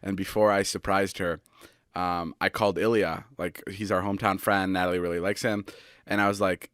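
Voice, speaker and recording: A young man in his twenties talks fast and loosely, piling up stories with laughs and casual swearing. The sound is close and dry, with no room around it. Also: on the low side, fairly bright tone, dry recording. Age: 20s. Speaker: podcast co-host. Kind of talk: casual chat.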